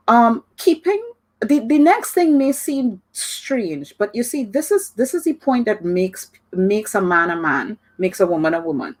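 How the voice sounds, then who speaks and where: A woman and digital marketing consultant giving a motivational talk to camera, chatty and animated, often checking in with the listener. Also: medium pitch, poor audio. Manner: chatty, keeps checking in with "all right?" and "right?".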